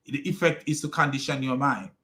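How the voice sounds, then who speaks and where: A man's voice: mid-range voice, fairly quick, pushed and bright. A man giving critical commentary on a played clip, argumentative, with many fillers and restarts. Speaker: religious commentator.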